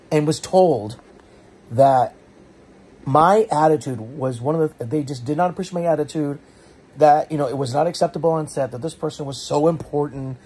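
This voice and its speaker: A man vlogs about a frustrating day in a loose, rambling way, full of restarts and second-guessing. His voice sits a little high and sounds husky. Allergies leave him congested. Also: mellow. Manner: frustrated, rambling, self-questioning, many restarts and fillers. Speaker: vlogger. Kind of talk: casual storytelling to camera.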